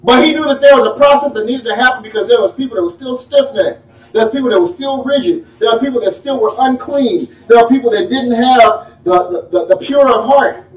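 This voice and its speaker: A man preaching a sermon in a folksy, animated way, firing off rhetorical questions at his congregation. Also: very high-pitched, fairly quick. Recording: echoey room, mic at a distance.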